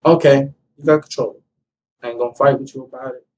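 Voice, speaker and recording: A young man casually telling a personal story, acting out what people said with a raised, animated voice. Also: medium pitch, a little fast. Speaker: guest telling his story. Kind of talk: casual conversation. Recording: distant mic with faint ambient noise.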